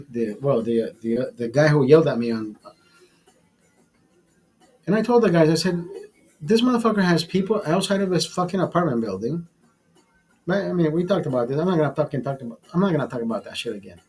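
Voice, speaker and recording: A man casually telling a profane story in a vlog, animated and blunt. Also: on the high side, low-quality recording. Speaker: vlogger.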